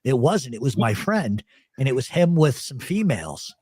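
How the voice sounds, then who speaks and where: A man hosting a radio show, telling animated, profane stories in casual chat. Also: mid-range voice, moderate pace, husky, dry recording, studio quality. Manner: animated, swears a lot.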